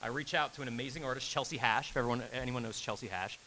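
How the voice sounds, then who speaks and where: A man in his thirties telling an animated story on a convention panel, acting out the quotes with big jumps in pitch and laughing as he goes. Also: very fast, a little hiss or hum, low-quality recording. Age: 30s. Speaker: game director on a convention panel. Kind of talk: animated storytelling to a live audience.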